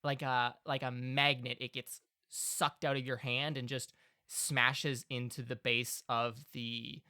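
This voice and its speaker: A man's voice: medium pitch, level tone, slow, bright, forceful tone, no echo, clean studio sound. A man narrating a tabletop game as game master, rambling with lots of "like" and everyday comparisons.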